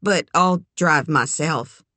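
A woman's voice: sits low, takes it slowly, sharp tone, no echo, heavily acted. Kit, a woman voicing a reluctant young woman.

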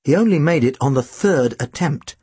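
A man's voice: a little high, animated, normal speed, mellow, husky, dry recording. A man reading an audiobook, narrating in a dry, wry storytelling manner. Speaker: audiobook reader.

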